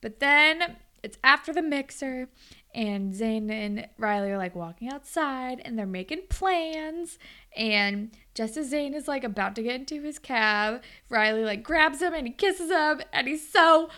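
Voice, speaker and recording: A woman's voice: sits high, lively intonation, a little slow, pushed and bright. A young woman co-hosting a podcast, recapping a TV episode in casual chat, swearing often and laughing a lot. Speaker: podcast co-host.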